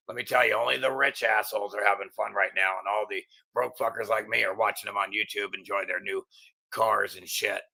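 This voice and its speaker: A man's voice: lowish voice, fairly quick, gravelly, pushed and bright, slightly rough. A middle-aged man hosting his own channel, ranting angrily in a profane, agitated monologue full of stumbling restarts. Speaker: channel host.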